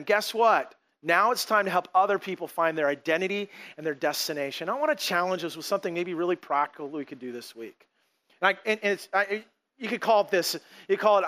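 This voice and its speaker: Casting: middle-aged male pastor, high bright voice, animated conversational sermon. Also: brisk. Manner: animated, conversational preaching with acted quotes.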